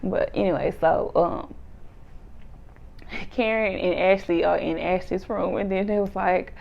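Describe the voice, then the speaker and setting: A woman casually recapping a reality show episode, laughing often and acting out the cast's lines in animated voices. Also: lowish voice, measured pace, vocal fry, dull audio.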